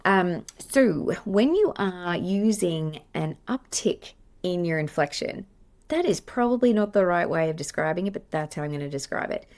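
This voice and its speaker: A woman's voice: fairly low pitch, expressive, moderate pace, darkish tone. An Australian woman, a play therapist, hosting her podcast and teaching in a chatty, self-deprecating way with many fillers and restarts. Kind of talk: casual teaching monologue.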